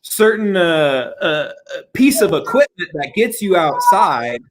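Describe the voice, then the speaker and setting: A man with a slightly raised pitch hosts a casual interview. He speaks slowly and haltingly, dropping "uh" and "um" between phrases as he reads comments and asks questions. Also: very animated, slight background noise. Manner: halting, many "uh" and "um" pauses. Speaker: host.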